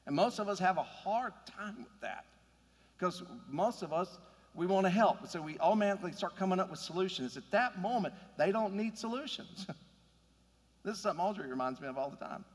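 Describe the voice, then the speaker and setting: A man's voice: high-pitched, animated, fairly quick, long reverb tail. A man preaching a sermon in an earnest, conversational way, building to emphatic points. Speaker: pastor.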